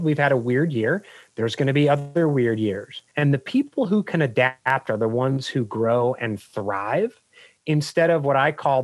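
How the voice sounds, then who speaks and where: A middle-aged man, a business coach and guest, talking in an energetic, emphatic way full of anecdotes. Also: medium pitch, no room sound, studio quality. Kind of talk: interview answers.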